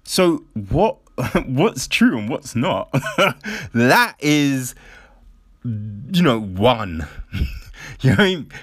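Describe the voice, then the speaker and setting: A man's voice: mid-range voice, sing-song, takes it slowly, pauses often, a bit bright, dry recording, studio quality. A man giving casual commentary, mocking and incredulous, swearing often and laughing.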